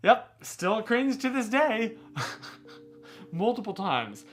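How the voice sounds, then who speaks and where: A man's voice: sits high, sing-song, takes it slowly, faint music behind. A man hosting a live stream, chatting casually and playfully with viewers, poking fun at himself and laughing often, speaking from a room at home. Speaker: livestream host.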